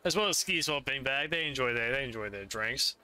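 A man's voice: mid-range voice, animated, fairly quick, sharp tone, clean tone. A man narrating a casual tabletop game as game master in a rambling way, full of fillers.

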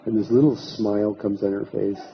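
Speaking briskly in a fairly low, gravelly voice with a steady tone, a man tells an anecdote during a lecture, relaying people's words in his own voice. Slight background noise can be heard, and the recording sounds a bit muffled.

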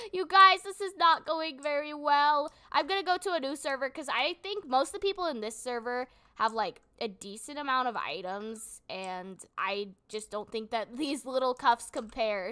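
A woman's voice: high voice, lively intonation, moderate pace, fairly bright tone. A young woman casually commenting on her gameplay, chatty and giggly, thinking aloud as she goes. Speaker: gaming channel host.

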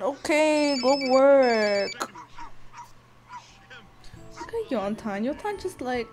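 A woman giving casual gameplay commentary, cursing and shouting at the game and speaking to viewers in slangy talk. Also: high voice, lively intonation, unhurried, slight background noise. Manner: profane, loud outbursts at the game; slangy, talks to viewers directly. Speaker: gameplay video host.

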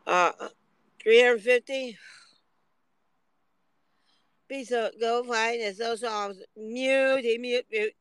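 A man's voice: very high voice, steady tone, unhurried, fairly bright tone, smooth, no room sound, rough recording. A man rambling through a livestream monologue from a parked car in the hot sun, complaining and aggrieved, at times tearful.

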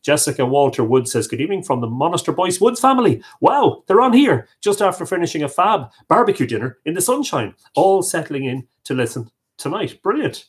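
A man's voice: fairly high pitch, big pitch swings, a little fast, few pauses. An Irish man hosting a live stream, chatting and reading out viewer greetings one by one. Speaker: host.

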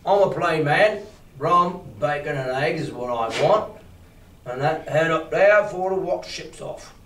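A rough, bossy old sea captain from a storybook, read out by a male teacher. He barks his orders in a gruff, commanding way. The voice sounds roomy and distant, as if picked up from across a classroom. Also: fairly high pitch, lively intonation, a little slow, fairly bright tone, a little hiss or hum. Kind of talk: reading a novel aloud to a class. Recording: roomy classroom, mic far off.

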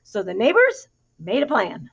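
A woman reading a picture book aloud to a child in an animated, expressive way, pausing to ask questions. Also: mid-range voice, gravelly, breathy edge. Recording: dull lo-fi recording.

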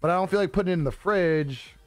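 A man's voice: high-pitched, fast, dry recording. A young man on a live stream chatting casually with viewers, laid-back and joking, swearing freely and laughing often. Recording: dry close-mic with faint music behind.

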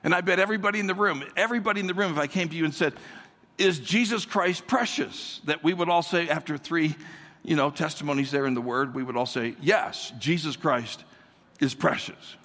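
A man's voice: fairly high pitch, rapid-fire, pushed and bright, in a large hall. A man giving a sermon as a guest pastor in a large church, speaking energetically, repeating words and calling on the congregation to answer back.

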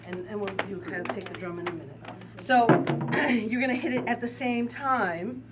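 A woman's voice: medium pitch, moderate pace, over loud music. A woman teaching a group drum and dance class, counting steps, chanting rhythm syllables and encouraging her students. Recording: distant mic with loud noise.

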